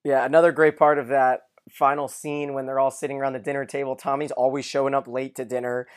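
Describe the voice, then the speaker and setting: A man's voice: medium pitch, fast talker, clear, resonant tone. A man co-hosting a casual podcast recap of a TV episode, retelling scenes eagerly and acting out the characters' lines. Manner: animated storyteller who acts out quoted lines. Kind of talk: casual chat.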